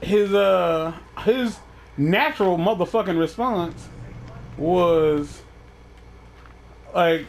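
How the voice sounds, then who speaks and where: A man's voice: high voice, drawn-out words, vocal fry, long pauses, slight background noise. A man hosting a casual chat, talking in a profane, rambling way with many restarts. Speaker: podcast host.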